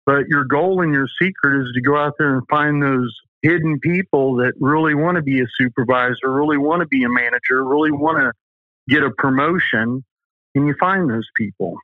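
Over a tinny, phone-like line with no echo, an interview guest with a Southern US accent speaks at a moderate pace in a mid-range voice. He owns a safety company and tells emphatic, folksy stories.

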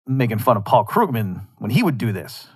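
A man's voice: medium pitch, sing-song, moderate pace, a little mellow, breathy edge, dry recording, clean studio sound. A man hosting his podcast, talking casually in a rambling way, with frequent restarts and wry asides. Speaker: podcast host. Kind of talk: casual monologue.

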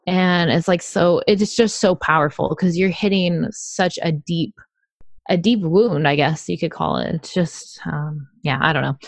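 A woman chats in a loose, rambling way, leaning on fillers and breaking into quick laughs. Her voice sits a little low. The recording is dry and close, with no room sound. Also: creaky, no echo. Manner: chatty, filler-heavy, laughs often. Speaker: guest, tapping practitioner. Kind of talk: casual podcast conversation.

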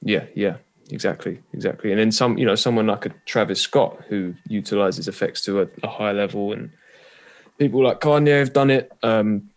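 A man's voice: on the low side, normal speed. Hesitant man thinking aloud. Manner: thoughtful, hesitant, many fillers. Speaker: podcast co-host. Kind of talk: casual chat.

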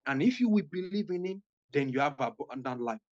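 A woman's voice: sits low, very animated, a little fast, a little mellow. Fervent woman preaching, lo-fi sound. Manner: fervent, repetitive appeals. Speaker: guest evangelist.

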